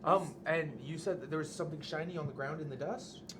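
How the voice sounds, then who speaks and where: A man playing a tabletop game, excitable and quick to get indignant, going squeaky when worked up. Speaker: player. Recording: noisy room.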